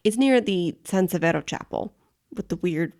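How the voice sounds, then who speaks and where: An American woman co-hosting a casual travel podcast, chatty and quick to laugh. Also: lowish voice, expressive, a little mellow. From United States. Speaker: podcast co-host.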